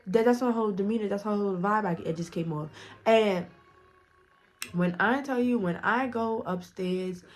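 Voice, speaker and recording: A woman's voice: mid-range voice, moderate pace. A woman vlogger telling a storytime in a blunt, profane way, acting out the dialogue as she goes. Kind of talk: casual storytime narration.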